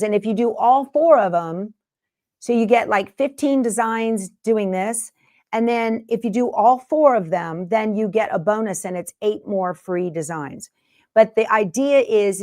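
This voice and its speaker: A woman's voice: mid-range voice, a little mellow. A woman hosting a sewing livestream, chatting casually with viewers and rambling from one topic to the next. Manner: rambling, jumps between topics and interrupts herself.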